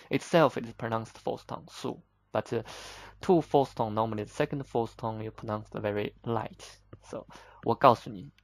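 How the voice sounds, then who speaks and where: A man's voice: mid-range voice, vocal fry. A man teaching vocabulary, explaining patiently step by step in plain, slightly broken English with simple examples. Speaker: Chinese teacher.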